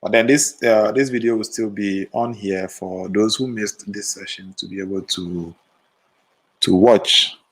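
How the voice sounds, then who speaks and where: A man with a fairly low voice talks loosely to his livestream viewers from his desk. He sounds sleepy, yawning between remarks, and keeps an easygoing, chatty pace. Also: fairly even intonation, a little slow, a bit bright, low-quality recording. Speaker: photo retouching livestream host. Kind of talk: casual livestream chat.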